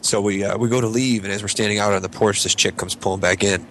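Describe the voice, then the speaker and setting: Man, casual storyteller, animated voice, faint background hiss. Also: fast. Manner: animated, acts out quoted friends in high voices. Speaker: podcast co-host.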